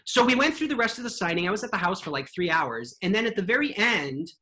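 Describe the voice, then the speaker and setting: A woman's voice: mid-range voice, fast talker, rough recording. Chatty woman telling a story. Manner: animated, chatty storyteller with restarts. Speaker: host. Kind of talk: casual storytelling.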